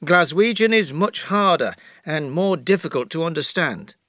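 A man with a Yorkshire accent, a professor answering questions as a guest in a scripted interview, explaining in a measured way. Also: fairly high pitch, expressive, bright, forceful tone, dry recording, clean studio sound. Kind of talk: scripted listening-exercise interview.

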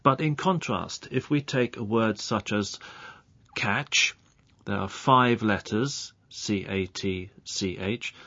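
A man explaining English pronunciation as a radio guest, speaking clearly and carefully and saying example sounds out slowly. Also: lowish voice, bright, forceful tone, no room sound. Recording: dull lo-fi broadcast audio.

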